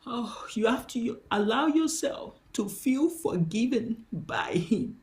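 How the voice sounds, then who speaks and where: A woman's voice: fairly high pitch, big pitch swings, takes it slowly, darkish tone. A woman preacher giving a spiritual teaching, impassioned and emphatic, repeating her key phrases.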